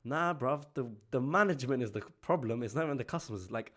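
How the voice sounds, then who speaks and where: A man's voice: medium pitch, expressive, fast, hardly any pauses, fairly bright tone. A man of twenty-two, telling a casual story-time vlog in a chatty, exasperated way, full of "like" fillers. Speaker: vlogger.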